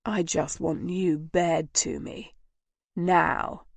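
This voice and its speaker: A woman reading a storybook nobleman lover, giving him a low, soft, intimate delivery. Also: steady tone, very slow, vocal fry, dry recording, full character voice. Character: male nobleman lover, tender and commanding.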